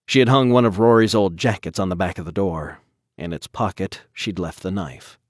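A man narrating a dark story as an audiobook, in a measured, even storytelling manner. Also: low-pitched, dry recording, studio quality.

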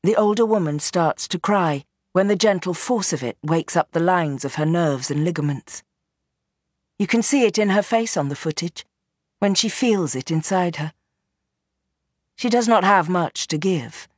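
Woman, audiobook narrator, steady measured delivery, lower voice, dry close recording. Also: slightly rough, no room sound.

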